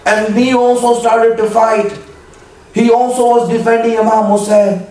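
A man's voice: very high voice, little pitch movement, measured pace, darkish tone, distant mic. A man preacher telling a story in a sermon, emotional and dramatic, acting out quoted speech. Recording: echoey hall, voice from afar, faint noise.

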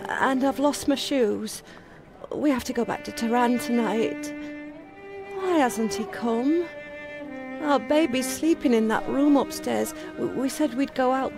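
A woman voicing a confused young mother anxiously searching for her husband and baby, in a dubbed drama. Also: high voice. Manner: pleading, repetitive.

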